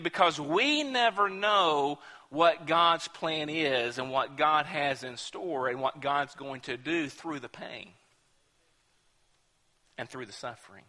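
Bright-voiced male pastor preaching. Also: a little high, slow. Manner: emphatic, repeating words when building a point. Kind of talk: sermon. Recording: echoey hall.

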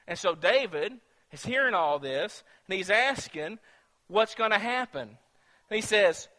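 High bright voiced guy preaching, animated storytelling, echoey church hall. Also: a little slow. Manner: animated storytelling, switching between hushed and emphatic. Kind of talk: sermon.

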